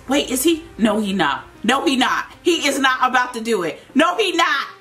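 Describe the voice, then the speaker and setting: A woman's voice: high voice, big pitch swings, moderate pace, hardly any pauses, pushed and bright, soft background music. A young woman giving playful gameplay commentary, dramatic and laughing as she talks to her viewers. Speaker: gaming video creator.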